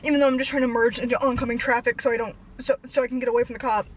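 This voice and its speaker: A young woman vlogger telling a rambling story fast and out of breath, laughing at herself. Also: a little high, steady tone, slight background noise, low-quality recording. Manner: breathless, fast-talking, self-deprecating.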